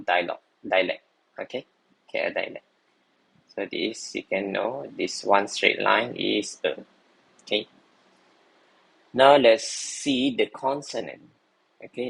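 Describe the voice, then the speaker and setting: A man's voice: lowish voice, vocal fry, husky, rough recording. A man teaching a language lesson, patiently explaining and often checking in with "okay".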